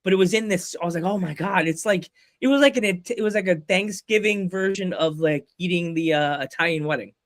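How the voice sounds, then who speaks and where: Man, high-pitched voice, podcast host, joking, rambling, laughs a lot. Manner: joking, laughs often, playful quoted voices; rambling, fast restarts. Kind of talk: casual chat.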